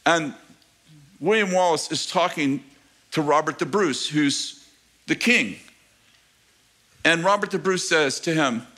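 A middle-aged man preaching a sermon to his church, animated and joking with the congregation, asking rhetorical questions. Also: fairly high pitch, a little slow, pauses often. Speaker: pastor. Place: church sanctuary.

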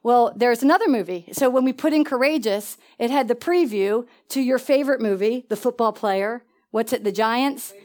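A woman preaching a sermon in an animated way, with laughing asides and questions to the congregation. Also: fairly high pitch, normal speed, few pauses.

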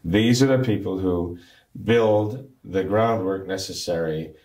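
A man, a priest, talking earnestly in an interview with a gravelly, recovering voice and preaching restarts. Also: deep voice, measured pace, darkish tone. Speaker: priest guest. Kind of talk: talk show interview.

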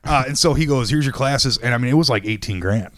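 A man's voice: mid-range voice, fast, a bit bright, no room sound. A man in his thirties, co-hosting a casual podcast and telling stories animatedly with plenty of swearing. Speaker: podcast co-host. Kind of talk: casual chat.

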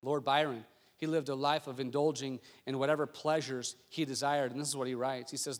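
A male pastor preaching a sermon, telling stories and asking the congregation questions with rising excitement. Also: medium pitch, brisk. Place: church sanctuary. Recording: long hall reverb.

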